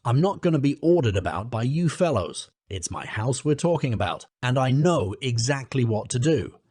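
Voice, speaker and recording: A man voicing a boastful, excitable male toad who brags loudly. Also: medium pitch, moderate pace, husky, dry recording, studio quality.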